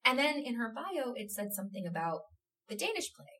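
A woman who runs a theater company, chatting in an interview and telling a story with animated, emotional energy. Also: fairly high pitch, fairly quick, recorded from a distance, low-quality recording. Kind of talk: casual interview chat.

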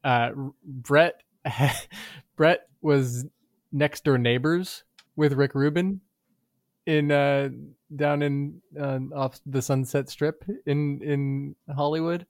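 A man's voice: medium pitch, fairly even intonation, takes it slowly, no room sound, clean studio sound. A man telling a rambling anecdote as a podcast guest, full of filler words and laughing as he goes. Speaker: musician guest. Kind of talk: casual podcast storytelling.

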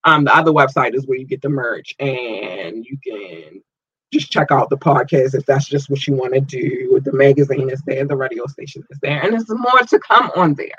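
Man, podcast host, bright, slightly high, dull lo-fi sound, dry. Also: moderate pace, husky, no echo. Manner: upbeat, animated, stumbles over place names. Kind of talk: casual shout-outs to listeners.

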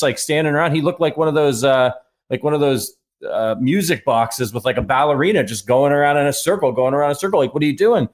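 A man co-hosting a sports podcast, rambling with fillers and exasperated questions. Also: medium pitch. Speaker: podcast co-host. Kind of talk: casual sports podcast chat.

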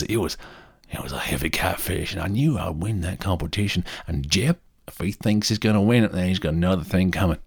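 A man's voice: low-pitched, husky, dry recording, studio quality. A man putting on a boastful old Southern catfish hunter. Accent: attempted American Deep South.

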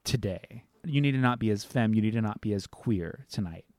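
A young man chatting casually as a podcast co-host, telling a personal story in an animated, expressive way with frequent swearing. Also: lowish voice, fairly quick, dry recording. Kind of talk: casual chat.

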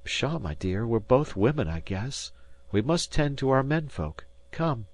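A man voicing a kindly, steady fisherman's wife who speaks softly and soothingly in an audiobook. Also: medium pitch, unhurried, no echo, pitched above the performer's own voice. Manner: soft, soothing, hushed.

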